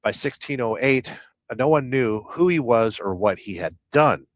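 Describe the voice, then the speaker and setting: A man's voice: medium pitch, animated, normal speed, dry recording, highs cut off. A man hosting a casual live stream as a truck driver, joking and rambling as he reads viewers' comments aloud from his truck. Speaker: livestream host, truck driver. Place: truck, waiting to unload.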